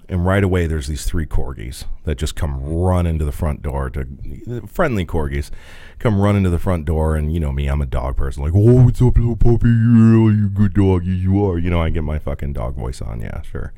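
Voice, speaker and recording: A man's voice: very deep voice, warm tone, no echo. A man co-hosting a podcast, telling a work story in a casual, profane way and laughing along. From rural Midwest US. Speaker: podcast co-host.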